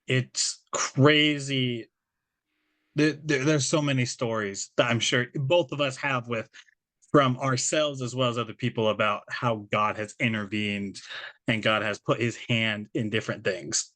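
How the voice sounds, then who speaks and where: Give me an earnest male podcast host with an average-pitched voice who restarts his sentences. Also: steady tone, a little slow, fairly bright tone. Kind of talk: casual interview chat.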